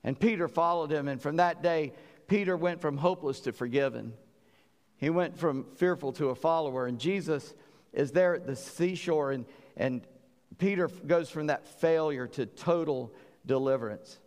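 Animated preacher in a hall. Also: male voice, fairly high pitch, moderate pace. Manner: animated storytelling, acting out voices. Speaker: pastor. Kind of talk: sermon.

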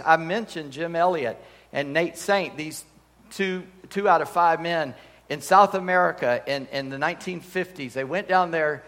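A man's voice: a little high, fairly bright tone. A man preaching a sermon in a church hall, telling stories with emphatic energy and humorous asides. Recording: long hall reverb.

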